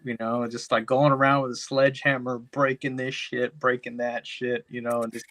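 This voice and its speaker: A man's voice: medium pitch, level tone, moderate pace, a bit bright. A man co-hosting a podcast, recapping a movie plot in a rambling, profane way, packed with "you know.". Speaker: podcast co-host. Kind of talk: casual chat, movie recap.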